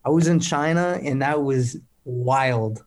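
A man's voice: mid-range voice, takes it slowly, darkish tone. A young male athlete talks casually as an interview guest. He rambles along cheerfully and scatters "like" through nearly every sentence. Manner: rambling, heavy on "like" fillers, upbeat.

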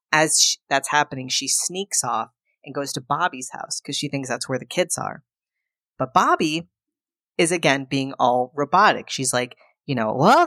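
A woman with a notably low voice chats through a movie plot for a podcast. She jumps into the characters' lines as she goes, and the sound is close and dry with no room echo. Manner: animated retelling, acting out characters' lines. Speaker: podcast co-host. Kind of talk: casual film recap.

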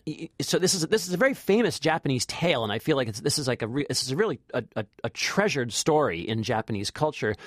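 Man, podcast film critic, casual chat, animated, lively pitch, dry close mic. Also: no echo. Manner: animated, chatty, frequent fillers and restarts. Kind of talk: casual movie review chat.

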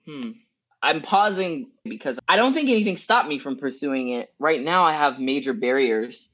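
Guest: lively woman from Southern California, casual storyteller, acts out her past thoughts with big pitch jumps, dull dry recording. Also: normal speed, slightly rough, dry recording. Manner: swears casually and laughs between thoughts. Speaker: guest, educational consultant.

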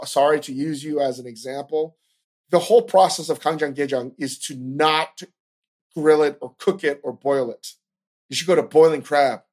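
Casting note: a foul-mouthed male podcast host, ranting with a wide, swooping pitch. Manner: ranting, swears constantly, animated outbursts. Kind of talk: profane casual commentary.

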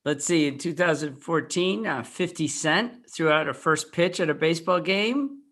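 A man's voice: a little high, normal speed, fairly bright tone. A man hosting a casual podcast chat, quizzing his co-hosts with a wry tone. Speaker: podcast host. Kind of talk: casual chat, quiz questions.

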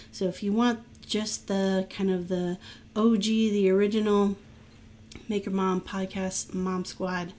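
Woman podcast host doing her outro, chatty and upbeat, reads off links fast. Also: mid-range voice, mellow, a little hiss or hum. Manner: upbeat, laughs often, brisk sign-off plugs. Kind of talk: casual podcast chat and outro.

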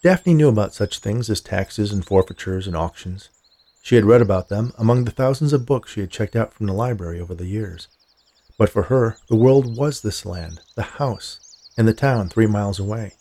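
A man narrating a horror story in a measured storytelling manner. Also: fairly low pitch, dark tone.

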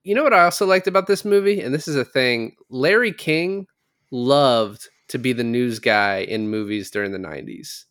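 A man co-hosting a casual movie review podcast, animated and profane, slipping into mocking voices of characters. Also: mid-range voice, normal speed, clear, resonant tone, no room sound, clean studio sound. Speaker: podcast co-host.

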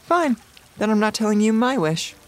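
An actress playing a crude, sarcastic young stoner friend in a comedy audio drama. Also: female voice, mid-range voice, big pitch swings, moderate pace, slight background noise, close to an everyday voice. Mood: teasing. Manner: sardonic, crude, stoner drawl. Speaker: Tommy, Sarah's friend.

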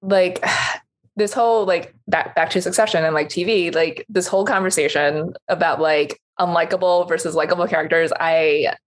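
A woman chatting as a film podcast co-host, with a voice on the lower side for a woman. She talks in quick, animated bursts, full of filler words. She laughs easily. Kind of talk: casual chat.

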